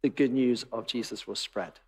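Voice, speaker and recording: A man's voice: mid-range voice, normal speed. A man preaching a sermon in a church, emphatic and wry in tone. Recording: long reverb of a church hall.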